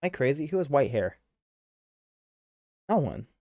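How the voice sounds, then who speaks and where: A man's voice: mid-range voice, very animated, moderate pace, a little mellow, no echo, studio quality. A man streaming a game live, reading its dialogue aloud and chatting between lines, easily sidetracked.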